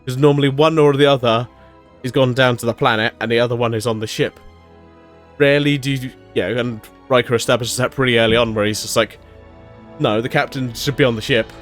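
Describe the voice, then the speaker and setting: A man's voice: mid-range voice, steady tone, brisk, faint music behind. A man giving a casual, rambling solo recap of a TV episode, full of fillers, restarts and swearing. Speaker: episode reviewer.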